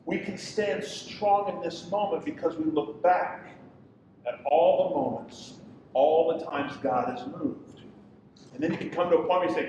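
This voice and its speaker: A middle-aged male pastor preaching, impassioned, swinging from loud pleading questions to quiet storytelling. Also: a little high, a little slow, highs cut off, a little hiss or hum. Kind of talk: sermon. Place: church hall. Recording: echoey hall from far off.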